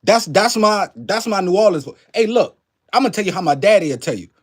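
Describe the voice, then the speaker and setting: High voiced guy ranting on his stream, preachy, lots of slang and cussing. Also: expressive, fairly quick. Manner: preachy and emphatic, heavy slang and profanity, rhetorical questions. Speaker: livestream commentary host. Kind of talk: casual ranting commentary to a live chat.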